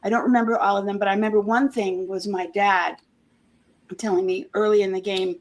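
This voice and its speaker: A woman being interviewed, talking earnestly in a halting way, with many restarts and homely comparisons. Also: mid-range voice, steady tone. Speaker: interview guest, former member of a church group. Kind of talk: casual conversational interview.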